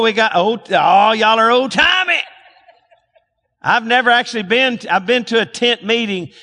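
Pastor, male, folksy storyteller, slightly high voice, long hall reverb. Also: fairly bright tone. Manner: folksy storytelling preacher, repeats himself. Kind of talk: sermon. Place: church revival service.

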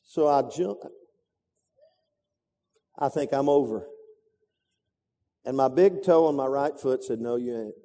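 A man's voice: mid-range voice, slow, long pauses, warm tone. A man preaching a sermon, telling a story dramatically with sound effects and repetition. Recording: reverberant hall.

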